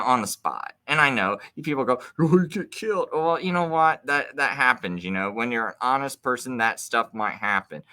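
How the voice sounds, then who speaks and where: A man hosting his own show rants on and on, stumbling through restarts and circling back to his point. His voice is bright and forceful, sitting at an ordinary male pitch. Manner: rambling, many restarts, heated. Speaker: video host. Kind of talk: casual ranting monologue.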